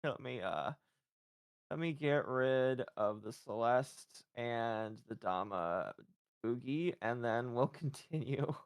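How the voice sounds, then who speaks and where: A woman's voice: rumbling low, lively intonation, slow pace, dry recording, clean studio sound. A woman hosting a casual watch-along stream, chatty and laughing often. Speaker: stream host.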